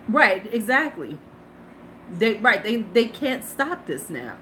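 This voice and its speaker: A chatty woman in her fifties hosts a beauty live stream, her voice bouncing up and down as she laughs and greets viewers. Her pitch sits a touch high. A faint hiss runs under the recording. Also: sing-song, extremely slow, long pauses, bright, forceful tone. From United States. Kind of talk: casual live-stream chat.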